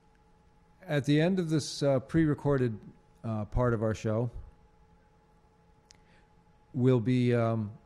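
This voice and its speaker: A man hosting a local TV show from a studio, talking off the cuff in a halting, rambling way with lots of fillers and restarts. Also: medium pitch, mellow. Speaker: host of a local cable show. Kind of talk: unscripted studio monologue. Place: TV studio with green screen.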